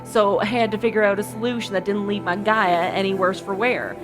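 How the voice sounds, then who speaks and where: A woman's voice: mid-range voice, steady tone, brisk, music in the background, lightly acted. A woman reading a drowsy male engineer's audio log in a folksy drawl. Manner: folksy drawl, slangy grammar.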